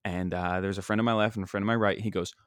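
Speaking low and steady at a racing clip, this young podcast host and stand-up comic tells a meandering comic tale into one microphone. His delivery is smooth but crowded with fillers and false starts, recorded at studio quality without echo.

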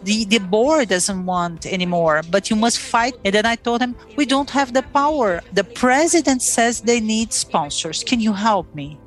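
A woman's voice: medium pitch, expressive, normal speed, hardly any pauses. Brazilian woman retelling her story. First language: Portuguese. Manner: emotional storytelling with quoted dialogue. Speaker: former player telling her story. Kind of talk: recounted personal story.

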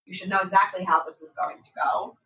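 A woman co-hosting a casual podcast, telling a story with lively acted-out quotes and plenty of swearing. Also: mid-range voice, quick pace, gravelly, recorded from a distance, low-quality recording. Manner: animated storytelling, acts out quotes, swears freely. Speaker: podcast co-host. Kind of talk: casual recap chat.

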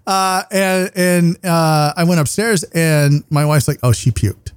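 A man's voice: a little high, slow, smooth, no room sound, studio quality. A man hosting a podcast, his voice tired, talking casually in a rambling, profane, joking way. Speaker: podcast host. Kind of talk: casual chat.

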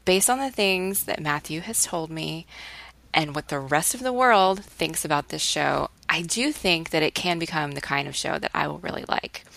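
A woman hosting a podcast in casual chat, measured and wry. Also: low-pitched, gravelly, fairly bright tone. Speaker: podcast host.

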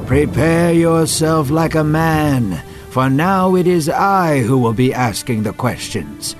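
A man voicing God as a vast, stern male deity who asks thundering questions in a slow, forceful way. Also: fairly high pitch, expressive, soft background music, voice pushed up. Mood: booming, stern.

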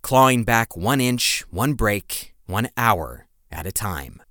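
A man's voice: fairly low pitch, very animated, slow, fairly bright tone. A man hosting a podcast, reading scripted history narration in a dramatic, emphatic storytelling manner with playful asides. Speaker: podcast host.

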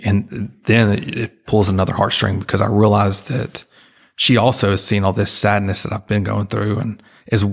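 A man earnestly retelling a personal experience as an interview guest, halting and full of restarts. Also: fairly low pitch, creaky, a bit bright, breathy edge.

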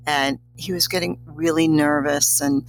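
A woman's voice: sits low, fairly even intonation, unhurried, slight background noise, rough recording. A middle-aged woman, a guest on an interview show, telling a personal story in a reflective, slightly teary way. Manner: emotional, reflective, a little teary.

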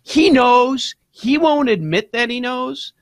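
A man's voice: very high-pitched, takes it slowly, dry recording, studio quality. A man co-hosting a sports show, telling a rambling home story with frequent laughs. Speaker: co-host. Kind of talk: casual chat.

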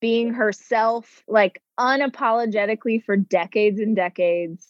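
A woman's voice: fairly high pitch, fairly even intonation, unhurried, no room sound. Woman host gushing eagerly, kinda muffled dry lo-fi audio. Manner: enthusiastic, gushing fan talk. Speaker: interviewer, host. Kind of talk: casual interview chat. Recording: dull, dry lo-fi recording.

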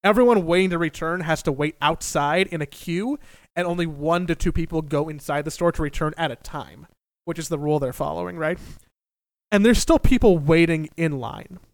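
A young man telling a funny personal story in a casual, animated and profane way, mocking himself. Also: fairly high pitch, a little fast, dry recording.

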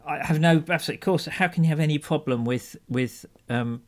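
Male co-host, somewhat high voice, halting delivery, dry wit. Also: a little mellow. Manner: hesitant, many ums and restarts, dry humour. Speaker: podcast co-host. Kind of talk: casual chat.

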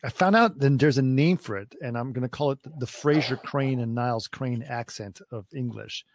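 A man tells anecdotes in an easygoing, conversational way, stumbling into a few restarts along the way. His voice sits at an ordinary middle pitch. The recording is dry and close. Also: moderate pace, no room sound. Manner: storytelling, hesitant restarts. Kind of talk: casual chat.

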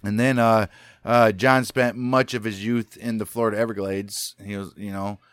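A man's voice: on the low side, level tone, moderate pace, fairly bright tone, smooth, dry recording, clean studio sound. A man co-hosting a casual podcast, reading an outlaw story aloud, joking and stumbling over place names. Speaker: podcast co-host. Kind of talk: casual chat reading a true-crime story.

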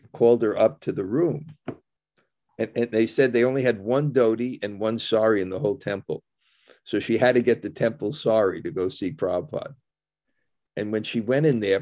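A man hosting a conversation, speaking haltingly with many fillers and restarts as he retells a story. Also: on the low side, darkish tone. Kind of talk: conversational interview.

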